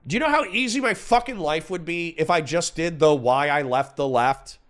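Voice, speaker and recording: A young man arguing bluntly and profanely in a heated online debate, reading out points and rebutting them quickly. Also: on the high side, a bit bright. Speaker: debater and streamer.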